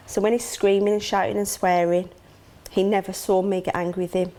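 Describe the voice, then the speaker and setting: A woman's voice: steady tone, normal speed, mellow. Woman speaking candidly and emotionally. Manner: emotional, acts out quoted dialogue with sudden high gasps. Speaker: interview guest, grieving mother.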